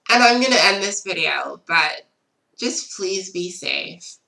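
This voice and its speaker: A woman's voice: on the low side, creaky, sharp tone, a little hiss or hum. A young woman telling a casual storytime vlog, chatty and full of "like" fillers. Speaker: vlogger. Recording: roomy echo.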